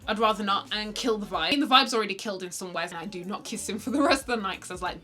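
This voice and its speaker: A young woman vlogger telling a dating story, swinging between loud exclamations and hushed asides. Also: mid-range voice, rapid-fire, few pauses. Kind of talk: storytime vlog.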